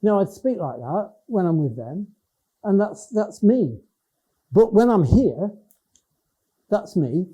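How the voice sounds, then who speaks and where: This older Lake District man, an education professor with a northern English Cumbrian accent, speaks slowly with long pauses in a high-pitched, dark, slightly rough voice full of big pitch swings. His conversational public lecture is peppered with restarts and hesitations, and the recording sounds dull and lo-fi.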